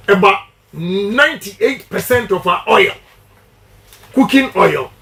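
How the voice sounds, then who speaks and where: Middle-aged Ghanaian man, politician on radio, high-pitched and emphatic, hammers slogans like a preacher. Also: expressive, slow, vocal fry, long pauses, fairly bright tone. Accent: Ghanaian English. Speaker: politician giving a radio interview. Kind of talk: campaign interview.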